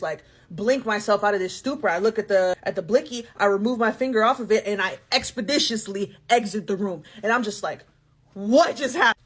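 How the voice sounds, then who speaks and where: A woman telling a personal story to camera in a casual, animated way, full of slang and laughter. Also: mid-range voice, slightly rough. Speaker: storyteller vlogger.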